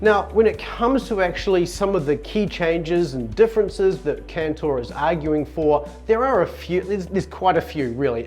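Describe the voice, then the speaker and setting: Kiwi guy explaining greek sounds, bit high voice, earnest and chatty. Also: darkish tone. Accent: New Zealand English. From New Zealand. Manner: earnest, conversational, restarts and self-corrections. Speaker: Greek teacher. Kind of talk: explanatory video lesson.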